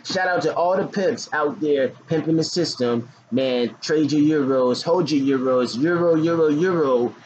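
A man casually talking about forex trading in a loose, joking, slangy way with hyped outbursts. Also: on the high side. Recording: dull lo-fi recording with faint noise.

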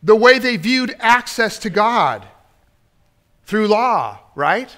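With a high, sing-song, slightly bright voice, a pastor takes his sermon slowly in a church sanctuary. He builds to emphatic points and offers asides to the congregation.

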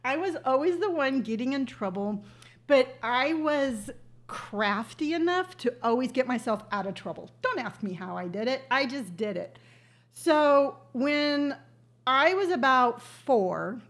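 A woman's voice: a little high, lively intonation, measured pace. Chatty older woman telling stories. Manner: chatty storytelling, emotional and tearful at moments. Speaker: livestream host. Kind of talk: casual livestream chat. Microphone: webcam on a livestream.

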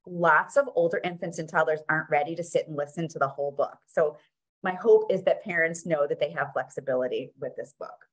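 A woman's voice: deep voice, fairly quick. A woman presenting her children's book, reading it aloud in a playful, sing-song way.

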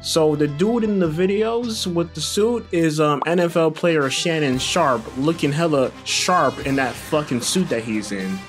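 A young man hosts a casual editing tutorial from his living room. He talks in slang, swears freely and jokes around as he goes. His voice sits a bit high for a man, with faint music under it. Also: a little slow, hardly any pauses. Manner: slangy, profane, joking. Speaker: video editing tutorial host.

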